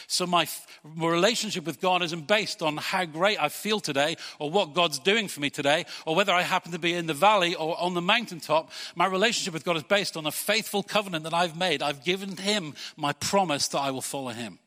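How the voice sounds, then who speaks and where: A pastor preaching a sermon with a fairly high, bright voice. He fires rhetorical questions at the congregation and moves between loud urging and hushed earnestness. His words ring out with a long reverb, as in a church hall. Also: fairly quick.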